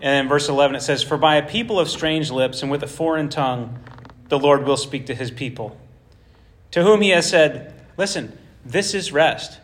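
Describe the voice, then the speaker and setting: A man with a somewhat high voice leads a verse-by-verse Bible teaching. He talks conversationally, stopping to ask his listeners whether it makes sense, and he repeats key phrases for emphasis. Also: moderate pace. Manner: conversational, checks in with rhetorical questions.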